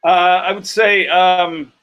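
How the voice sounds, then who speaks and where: A man's voice: high-pitched, fairly even intonation, slow pace, fairly bright tone. A man speaking as a guest on a comedy panel show, earnest with small hesitations.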